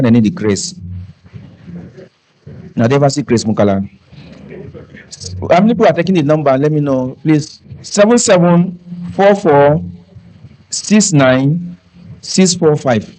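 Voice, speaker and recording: A Cameroonian man with a Cameroonian Pidgin English accent, working as an event entertainer and fundraiser, does live stand-up and makes a fundraising appeal, joking and slipping into bits of hymns. His medium-pitched voice is warm and moves at a moderate pace with long pauses. The recording is rough.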